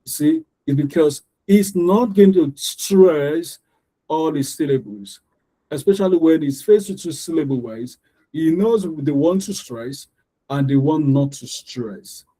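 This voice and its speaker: A man teaching English pronunciation to exam students. His voice is mellow and warm, and he talks in an even, explanatory way. He repeats example words slowly to show where the stress falls. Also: fairly high pitch, rough recording. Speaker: English tutor. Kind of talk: online lesson.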